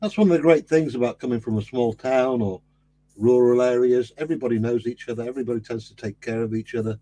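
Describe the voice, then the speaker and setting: A man in a casual chat, chiming in with quick, enthusiastic remarks. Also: mid-range voice, fairly even intonation, dark tone.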